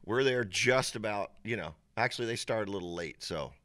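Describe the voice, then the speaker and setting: Animated, bright-voiced middle-aged man. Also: lowish voice, fairly quick, dry recording, studio quality. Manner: animated, laughs often, acts out quoted voices. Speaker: interview guest, musician. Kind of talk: casual storytelling.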